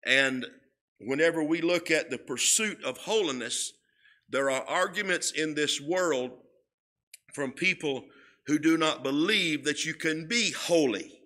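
A man teaching a Bible lesson in a church, deliberate and emphatic, leaning on each key word. His voice sits a little high for a man and has a bright, forceful edge. He talks very slowly. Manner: slow and emphatic, stretching key words, often repeating words. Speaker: Sunday school teacher. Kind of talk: sermon-style Bible lesson. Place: church sanctuary.

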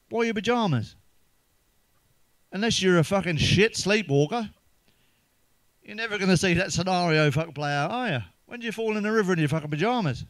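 A middle-aged man delivers crude stand-up jokes, swearing freely and chuckling at his own lines. His voice sits a little high for a man and sounds dry and close, with no room echo. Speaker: stand-up comedian.

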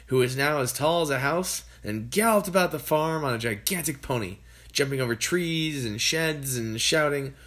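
Someone reading a children's book aloud in an expressive, animated way. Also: mid-range voice. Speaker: storybook reader.

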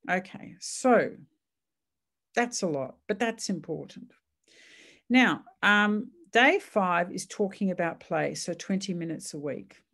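A woman's voice: low-pitched, gravelly. A woman, a psychiatrist, giving a chatty and reassuring talk on parenting, with asides and restarts. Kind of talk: casual online talk.

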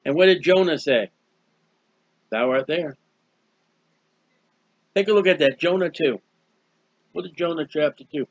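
Speaking a little fast, a high-voiced male preacher teaches from the Bible in a folksy, emphatic way, frequently answering his own questions. There's no room sound, and the audio is dry, dull and muffled, with a lo-fi quality.

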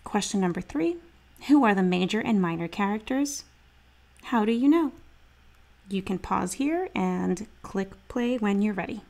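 Slow, gravelly-voiced woman teacher. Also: mid-range voice, animated, darkish tone. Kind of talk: children's read-aloud.

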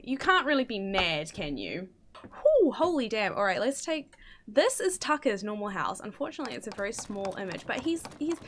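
A young woman giving casual, excitable gameplay commentary, gasping and swearing as she plays. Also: high-pitched, slight background noise. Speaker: gaming streamer.

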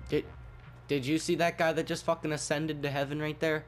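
A man's voice: fairly high pitch, little pitch movement, brisk, soft background music. Profane, rambling young gaming commentator man. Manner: profane, rambling, jumpy outbursts. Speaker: gaming YouTuber. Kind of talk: gameplay commentary.

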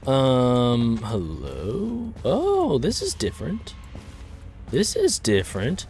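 A man commenting on a horror game playthrough, jumpy and swearing, shouting when startled. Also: mid-range voice, huge pitch swings, slow. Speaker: gaming video host.

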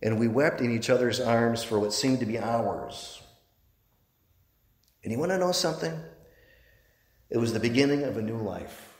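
A man, a priest, giving a sermon, telling a story with halting restarts. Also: mid-range voice, lively intonation. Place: church. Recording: echoey church with long reverb.

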